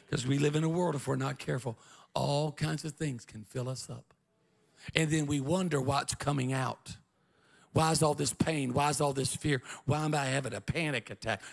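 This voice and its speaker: High, gravelly, bright preacher man. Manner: animated, shouting and laughing through stories. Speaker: pastor. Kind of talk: revival sermon storytelling.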